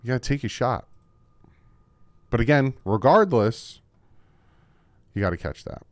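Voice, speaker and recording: A man hosting a casual football film breakdown at a desk microphone, emphatic and repetitive, his voice jumping up when he gets excited. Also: medium pitch, measured pace, no echo. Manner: emphatic, repeats points, voice jumps when excited. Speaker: football film-study host.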